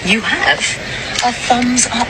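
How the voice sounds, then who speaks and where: A woman's voice: a little high, takes it slowly. Woman mock-serious explaining stuff, a bit far off mic, noisy background. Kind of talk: comedic explainer clip.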